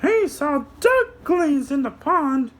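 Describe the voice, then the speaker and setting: A bright, squeaky little puppy puppet, eager and sing-song, as a man puts it on. The voice jumps far above a man's usual pitch and comes out loud and bouncy, like a storybook sidekick answering every question. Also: big pitch swings, takes it slowly, heavily acted. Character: cheerful puppy dog puppet, small and eager.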